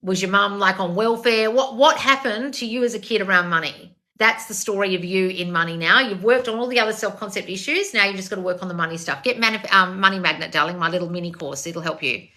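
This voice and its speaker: A woman coaching on a livestream, her voice bright and forward. She answers viewer comments bluntly, swears freely and calls everyone darling. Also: medium pitch, quick pace, hardly any pauses. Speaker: self-help coach.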